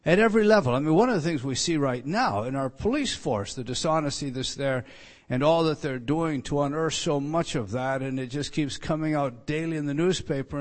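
A male pastor preaching an evening sermon, reading scripture aloud and stressing key words, with frequent restarts. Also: medium pitch.

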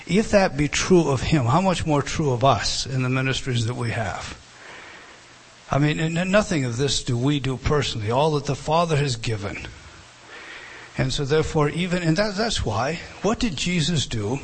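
A man's voice: medium pitch, a bit bright, husky. A man preaching an expository sermon, emphatic and prone to repeating words and restarting phrases.

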